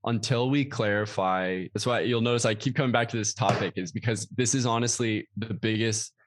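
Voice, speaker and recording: A man's voice: lowish voice, fairly even intonation, brisk, a little hiss or hum. A man talking as a podcast guest in a casual interview, earnest and reflective, now and then acting out his own inner voice with sudden exclamations. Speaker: podcast guest, yoga teacher.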